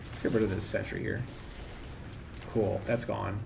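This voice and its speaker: A man's voice: fairly low pitch, flat delivery, moderate pace, creaky, background noise. A young man casually chatting while he plays a game on stream, rambling and self-critical, often trailing off. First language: English. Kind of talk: casual commentary while gaming.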